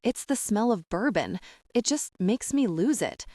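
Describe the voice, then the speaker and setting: A woman's voice: mid-range voice, expressive, a little slow, mellow, no echo, studio quality, pitched above the performer's own voice. A woman narrating an audiobook, voicing a frightened middle-aged mother whose voice comes out breathless and shaky. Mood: panicked.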